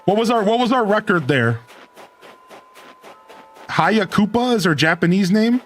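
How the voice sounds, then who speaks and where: A man's voice: sits high, expressive, a little slow, slight background noise. A man streaming a video game in casual chat, rambling and repeating a single word as he tests something. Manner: chatty, trails off, repeats a word over and over.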